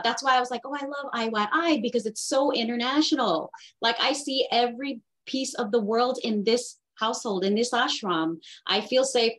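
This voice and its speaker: A woman on a video call, talking in a halting, earnest way with many fillers and restarts during a group discussion. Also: medium pitch, a bit bright, rough recording. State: getting emotional. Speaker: workshop participant.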